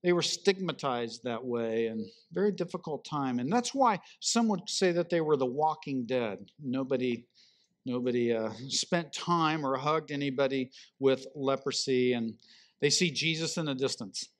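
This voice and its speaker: A man preaching a sermon, telling a Bible story in an animated way and acting out the people in it. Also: medium pitch, normal speed. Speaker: pastor.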